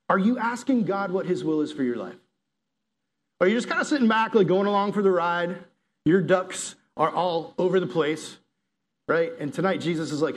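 Lively high-voiced youth pastor. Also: male voice, normal speed. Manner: casual, lively, talks to teens with "like" and "right?". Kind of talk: youth sermon.

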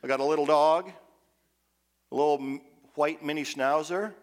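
A pastor delivering a sermon, his voice sitting a little high for a man. He preaches with passion, dropping to a hush and then rising to loud, urgent emphasis. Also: fairly even intonation, moderate pace. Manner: impassioned, swings from hushed to loud.

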